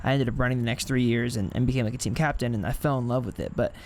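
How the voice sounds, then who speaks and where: A young male host thinks back on his own past in a frank, conversational way, chuckling at himself now and then. His voice is mid-pitched, and a faint hiss runs under the recording. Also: racing, darkish tone. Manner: reflective, candid, laughs at himself. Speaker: podcast host. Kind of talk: casual chat.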